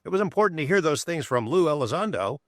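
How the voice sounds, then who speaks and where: A man co-hosting a podcast, discussing in a measured way with emphatic rhetorical questions. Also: on the high side, sing-song, dry recording, studio quality. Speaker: podcast co-host. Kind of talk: analytical discussion.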